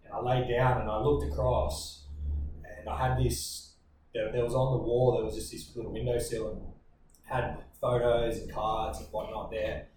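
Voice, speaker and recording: A man in his twenties with an Australian accent, telling a personal story as a podcast guest in an earnest, reflective way with halting bursts. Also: mid-range voice, flat delivery, darkish tone. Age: 20s. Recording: very echoey room, distant mic, ambient noise.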